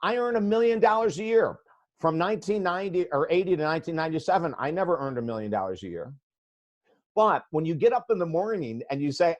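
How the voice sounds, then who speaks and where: A man's voice: on the high side, sing-song, brisk, dull audio. A man in his sixties, a guest life coach telling a story in a podcast interview, blunt and emphatic.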